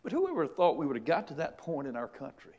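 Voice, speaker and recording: A man's voice: on the high side, huge pitch swings, fast, darkish tone, highs cut off. A middle-aged man, a pastor preaching a sermon with emphatic, repeated rhetorical questions.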